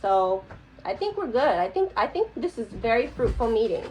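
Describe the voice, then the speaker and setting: A woman speaking with a fairly high voice. Her tone is pointed and insistent, and her praise is laced with sarcasm, as in a heated workplace meeting. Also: very animated, moderate pace, a little mellow, slight background noise, poor audio.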